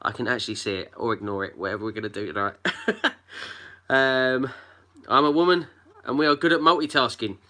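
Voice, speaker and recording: A man's voice: mid-range voice, fairly quick, bright, forceful tone. A man hosting a casual live stream from home on his phone, chatting and greeting viewers by name. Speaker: geocaching livestream host.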